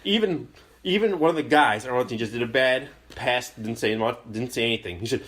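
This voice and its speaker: A man in casual podcast chat, telling an embarrassing story and shouting loud impressions of his angry father. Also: medium pitch, a little fast.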